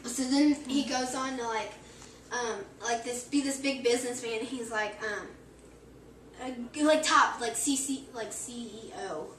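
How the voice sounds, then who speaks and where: A woman's voice: fairly high pitch, a little slow, a bit bright. A teenage girl telling a long joke to friends in a rambling, casual way, full of "like". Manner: rambling, heavy use of "like", acts out quoted voices. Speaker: joke teller. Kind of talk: casual storytelling among friends. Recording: echoey room, far from mic, noisy.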